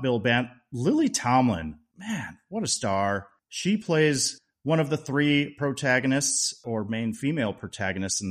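A man co-hosting a podcast, chatting enthusiastically about a film, with restarts along the way. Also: mid-range voice. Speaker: podcast co-host. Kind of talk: casual movie review chat.

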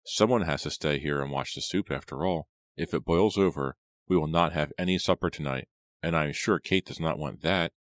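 A man's voice: very deep voice, brisk, no echo. A man reading aloud and voicing a jealous, distraught young woman in an audiobook, with trembling outbursts. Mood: musing.

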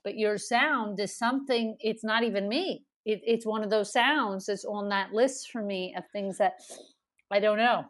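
Speaking at an ordinary speed, a woman in her thirties uses a mid-range voice for easygoing chat. Her stories wander and come out lively, packed with filler words.

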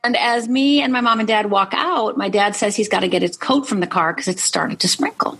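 Earnest husky woman telling a life story. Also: medium pitch, fairly quick, fairly bright tone. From Upper Michigan, US. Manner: earnest, frequent "right?" tags. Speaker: life coach guest. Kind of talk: personal storytelling interview.

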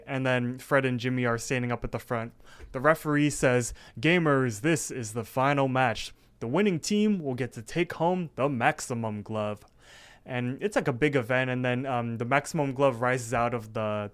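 A man's voice: medium pitch, a bit bright, smooth. Rambling man recapping a cartoon. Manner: rambling, many fillers and restarts. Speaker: podcast co-host. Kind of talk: casual episode recap.

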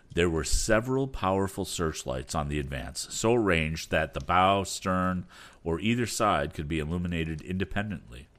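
A man narrating a classic adventure novel aloud in a steady, expressive reading. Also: sits low. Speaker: audiobook narrator.

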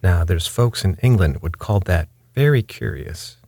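Brief: man reading a bothered countryman, slow, deep, a touch husky. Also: lively intonation, a little mellow, no echo, clean studio sound, heavily acted. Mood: plain, bothered. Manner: homely, plain country speech. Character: worried, plain-spoken male farmer and landlord.

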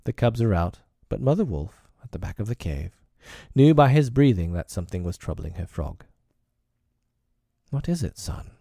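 A man narrating a classic story in a measured, expressive reading. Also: lowish voice, creaky, no room sound, clean studio sound.

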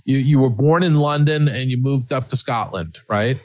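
A man's voice: medium pitch, normal speed, dry recording. A man hosting an interview, asking questions with stammering restarts. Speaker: podcast host. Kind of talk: conversational interview.

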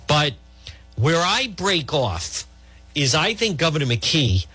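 Husky-voiced, animated male talk radio host. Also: fairly high pitch, slow pace, dry recording, soft background music. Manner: blunt, animated, rambling with restarts. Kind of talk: opinionated political talk radio.

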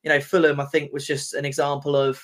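A man's voice: a little high, completely flat delivery, fast. A man, co-hosting a football podcast and talking in a heated, exasperated way, swearing freely. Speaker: podcast co-host. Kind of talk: casual football chat.

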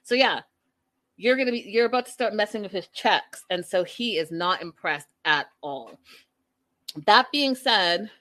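A woman hosting a casual live-stream recap, chatty and animated, talking straight to her viewers. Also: mid-range voice, measured pace. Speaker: reality show recap host.

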